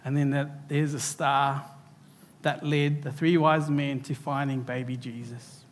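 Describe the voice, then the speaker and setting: A man's voice: mid-range voice, flat delivery, unhurried, in a large hall, a little hiss or hum. A man preaching a sermon to a church, speaking animatedly and turning to the children directly. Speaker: pastor. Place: church hall.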